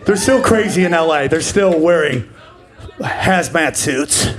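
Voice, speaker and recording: A man in his forties doing live stand-up comedy, brash and profane, bursting into shouted voices. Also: high voice, a little hiss or hum. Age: 40s. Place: comedy stage before a laughing audience.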